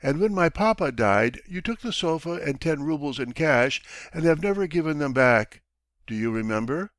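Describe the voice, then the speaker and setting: A man's voice: on the high side, lively intonation, moderate pace, no echo, pitched above the performer's own voice, lightly acted. A man reading an audiobook, voicing a timid young barber who stammers and pleads. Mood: pleading. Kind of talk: audiobook character voice.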